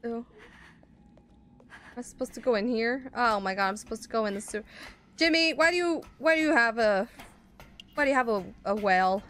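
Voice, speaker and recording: Woman, horror game streamer, lively high voice, unhurried, jumpy and chatty, faint game sounds behind. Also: slight background noise. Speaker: gaming streamer. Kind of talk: horror game let's play commentary.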